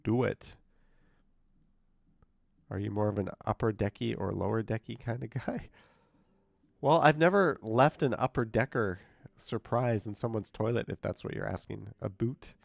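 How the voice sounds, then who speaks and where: A man's voice: fairly low pitch, moderate pace, vocal fry, pauses often, no echo, studio quality. A man with a stuffed-up, nasal voice from a cold, chatting casually on a live stream as he reads viewer comments aloud and answers them. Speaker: live streamer reading chat. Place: indoors.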